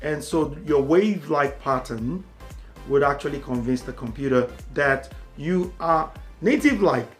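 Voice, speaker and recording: A man's voice: fairly high pitch, lively intonation, unhurried, soft background music. A man tutoring for a language exam, explaining steadily and repeating key words for emphasis. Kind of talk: instructional talk to camera.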